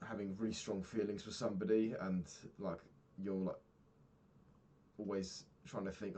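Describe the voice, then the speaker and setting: This twenty-something vlogger has a deep, warm voice and speaks at a normal pace, with a little background noise. He rambles candidly through his day, cursing casually and saying um a lot.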